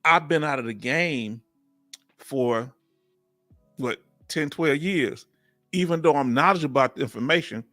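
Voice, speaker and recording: A middle-aged man hosting a live chat, reading comments aloud and talking warmly and emotionally in casual vernacular. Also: mid-range voice, a little slow, long pauses, no echo, clean studio sound, faint music behind. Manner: warm, emotional, talkative, Southern US vernacular. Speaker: livestream host.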